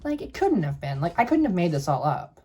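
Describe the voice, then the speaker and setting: Young drag queen man spilling ghost stories, foul-mouthed and dramatic, mellow raspy tone. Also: fairly high pitch, sing-song, a little fast, soft background music. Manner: sassy, profane, dramatic. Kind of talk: casual storytelling to camera.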